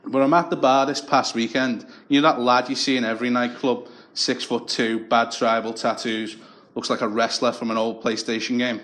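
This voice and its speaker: A man's voice: medium pitch, moderate pace, fairly bright tone. A young man doing stand-up comedy, telling crude stories in a dry, anecdotal way.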